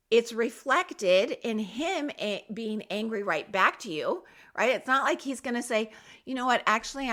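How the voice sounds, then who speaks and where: A middle-aged woman hosting a parenting podcast who talks straight to the listener in an encouraging, coaching way. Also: a little high. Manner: warm, coaching tone, direct address to parents. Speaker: podcast host.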